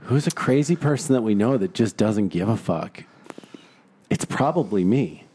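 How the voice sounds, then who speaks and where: A man's voice: fairly low pitch, animated, moderate pace, mellow, slight background noise. A man in casual podcast banter who jokes crudely and laughs often.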